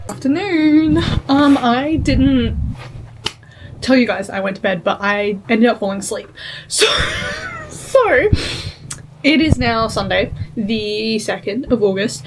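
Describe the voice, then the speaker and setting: A young woman talking to her camera at home in a casual reading vlog, excitable and gushing, swearing casually. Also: on the high side, slow pace, pauses often, a little hiss or hum, low-quality recording. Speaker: book vlogger. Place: at home indoors. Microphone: camera mic.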